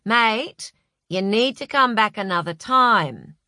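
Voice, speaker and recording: A woman voicing a big, strong man who speaks in a loud, commanding way in an audiobook. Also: medium pitch, animated, measured pace, no echo, clean studio sound, voice pushed up. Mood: firm.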